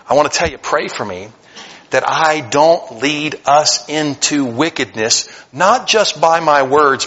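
A pastor preaching a sermon, animated and conversational, swinging between loud emphatic passages and hushed earnest asides. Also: male voice, medium pitch, lo-fi sound. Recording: long hall reverb.

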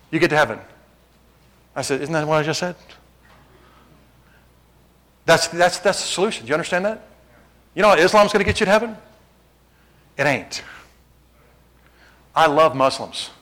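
Fervent preaching man, fairly high voice. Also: low-quality recording. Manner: emphatic preaching, rising to loud high-pitched exhortation; conversational asides with the congregation. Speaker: pastor. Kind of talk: sermon.

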